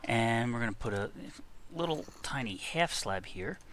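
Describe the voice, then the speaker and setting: A man's voice: mid-range voice, lively intonation, normal speed, fairly bright tone, slight background noise. Chatty man muttering over gameplay. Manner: chatty, muttering to himself, frequent exclamations. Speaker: gaming video creator. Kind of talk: casual gameplay commentary.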